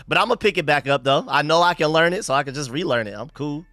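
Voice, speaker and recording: A man's voice: a little high, expressive, fast, bright, forceful tone, dry recording, clean studio sound. A young American man hosting a live sports stream, chatting loosely with slang and rambling restarts. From United States. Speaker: sports livestream host. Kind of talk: casual live-stream chat reading viewer comments.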